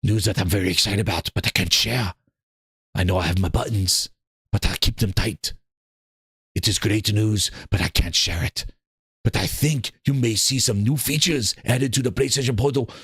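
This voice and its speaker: Man doing a coy, low-voiced exec with a mock French accent. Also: a bit bright, breathy edge, no room sound, clean studio sound, full character voice. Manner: halting, teasing, mumbled hedges. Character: low-voiced male game executive, coy and evasive.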